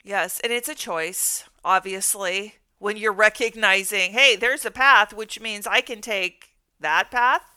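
A woman's voice: medium pitch, measured pace, hardly any pauses, pushed and bright, clear, resonant tone, dry recording. A woman hosting a faith podcast, a counselor who speaks in a reflective, affirming way.

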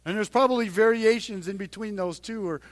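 A male pastor delivers a sermon in church with a strikingly high voice. He talks earnestly and emphatically, pushing louder whenever he drives a point home. It comes across as heartfelt preaching to a gathered congregation. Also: brisk.

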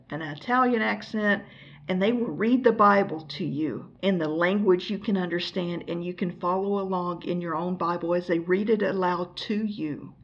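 A woman's voice: fairly low pitch, muffled recording. A woman from the United States giving an earnest, exhorting sermon and asking the listener pointed questions. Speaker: preacher. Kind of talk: recorded teaching sermon.

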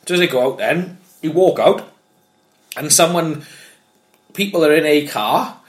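A man and former amateur boxer, telling animated, swear-filled anecdotes in casual chat. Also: a little high, unhurried.

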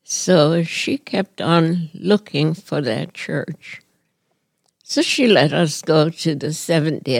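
An older woman from Hawaii slowly telling a personal story from her childhood, with an earnest, gently reflective manner. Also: low voice, dry recording, clean studio sound. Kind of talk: personal reminiscence.

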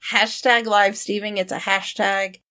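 A woman co-hosting a movie podcast, reassuring and chatty, talking in quick bursts. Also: medium pitch, level tone, sharp tone. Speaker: podcast co-host. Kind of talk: casual chat.

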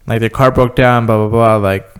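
A man with a smooth, resonant voice in a relaxed conversation. He peppers his stories with "like" and acts out quotes along the way. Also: medium pitch, normal speed. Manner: filler-heavy, says "like" constantly. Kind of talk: casual chat.

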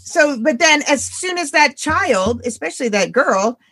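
A woman's voice: high-pitched, lively intonation, measured pace, fairly bright tone, no room sound, clean studio sound. A woman co-hosting a casual book discussion, talking passionately with sarcastic asides. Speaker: podcast co-host.

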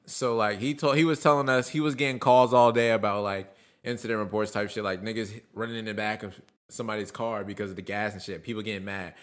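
A man's voice: fairly low pitch, steady tone, fast talker, a bit bright. A man co-hosting a podcast, telling stories in loose, profane casual chat. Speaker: podcast co-host.

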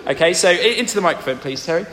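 A man's voice: fairly high pitch, lively intonation, very fast, fairly bright tone, slight background noise. A man with a posh English accent, a vicar giving a playful family sermon, drawing in the congregation. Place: large church. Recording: echoey church hall.

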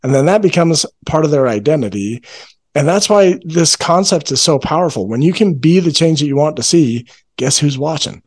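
A man's voice: on the high side, animated, darkish tone, husky. Earnest man explaining parenting ideas. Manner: earnest, explanatory, slows down to stress points. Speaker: parenting coach. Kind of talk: casual podcast chat.

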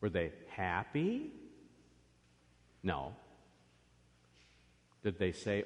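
A priest giving a children's sermon in a church, coaxing the children along with lively questions. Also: male voice, sits low, extremely slow, long pauses. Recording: long reverb of a church.

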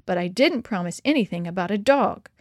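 A stern, pompous middle-aged boss, booming and curt as he lays down the law, voiced by a woman reading a storybook aloud. His disapproval is plain in every clipped word. The voice sits dry and close. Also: lively intonation, fairly quick, no room sound, natural voice.

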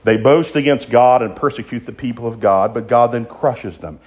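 A man's voice: medium pitch, moderate pace, lo-fi sound. A male preacher delivering a sermon in an emphatic way, building up to strong exclamations. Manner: animated, emphatic, rises to exclamations.

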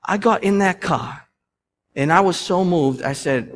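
Young pastor, a man with a slightly higher voice, preaching lively stories that swing from loud to hushed. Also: a little slow. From Massachusetts. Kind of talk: sermon.

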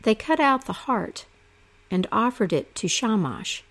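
Slow, expressive woman storyteller. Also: a little high. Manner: slow, expressive read-aloud telling. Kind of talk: storybook myth narration.

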